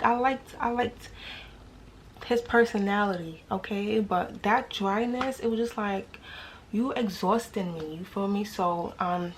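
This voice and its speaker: A woman's voice: medium pitch, slight background noise. A young woman with a New York accent telling a dating story casually to her viewers, slangy and full of rhetorical questions.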